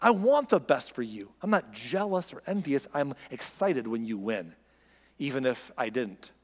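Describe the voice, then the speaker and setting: A man's voice: medium pitch, expressive, normal speed. A man preaching a sermon in a conversational way, often acting out imagined speakers. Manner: conversational, acts out quoted voices. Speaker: pastor. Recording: long hall reverb.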